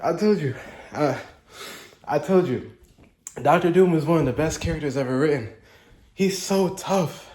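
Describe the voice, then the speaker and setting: A man talking casually as a trailer reaction vlogger, hyped and excitable, swinging between laughing outbursts and quieter musing. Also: a little high, normal speed, pauses often.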